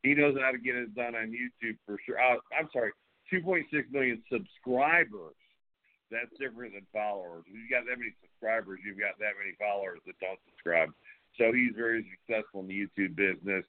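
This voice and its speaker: A man's voice: lowish voice, a little fast. A middle-aged man hosting a wrestling show, chatting casually with a promo-style swagger and calling people brother. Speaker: host. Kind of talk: casual chat. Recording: tinny phone-like line.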